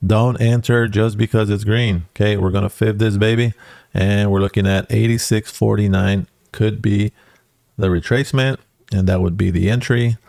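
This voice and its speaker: A man's voice: fairly low pitch, steady tone, normal speed, gravelly, a little mellow, no echo, studio quality. A man talking casually through stock charts as a trading educator, tagging lines with "okay" and "guys.". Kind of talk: casual screen-share chart walkthrough.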